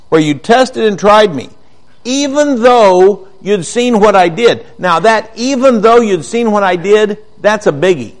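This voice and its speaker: A man preaching a conversational sermon, walking through Bible passages with rhetorical questions and an animated, teaching manner. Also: sits high.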